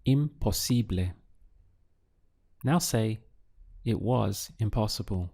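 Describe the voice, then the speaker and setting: A male language teacher leads a slow, deliberate audio lesson, offering a phrase to translate, pausing, then calmly giving the answer syllable by syllable. His low voice is dark and mellow, with a creaky, husky texture.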